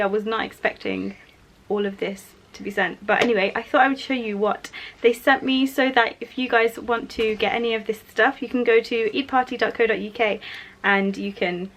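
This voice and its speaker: A young woman chats to her handheld camera in a cheerful, easygoing home-vlog manner, laughing often. Her voice sits a little high for a woman. A faint hum of background noise sits under her talk. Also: a bit bright, low-quality recording. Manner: chatty, upbeat, laughs often. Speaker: vlogger and mother. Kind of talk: casual home vlog chat. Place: home garden and house.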